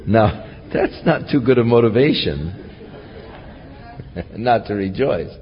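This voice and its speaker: A man preaching a sermon, teaching earnestly from scripture. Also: breathy edge. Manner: slow, earnest Bible teaching with lively rises in pitch. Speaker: pastor. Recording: lo-fi recording with long hall reverb.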